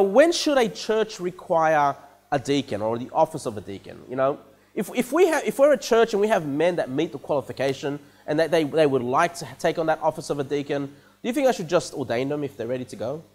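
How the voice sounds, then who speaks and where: A man's voice: fairly high pitch, very animated, brisk, a little mellow. A man preaching a conversational sermon as pastor of a church, often repeating words and checking in with the congregation with "okay?" and "you know".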